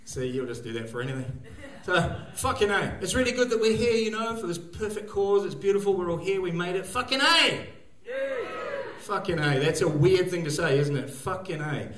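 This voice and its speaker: A man with a New Zealand accent performs a loose, rambling stand-up set, his voice sitting fairly high. He leans on fillers and bursts into shouts now and then. The sound is echoey and roomy, heard from some distance off the mic. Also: fairly quick, hardly any pauses. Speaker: stand-up comedian. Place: live venue stage.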